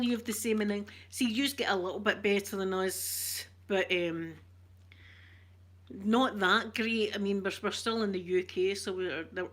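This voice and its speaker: Bright-voiced chatty Scottish woman. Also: medium pitch. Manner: chatty storyteller who laughs often. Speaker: ASMR streamer chatting with viewers. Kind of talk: casual chat.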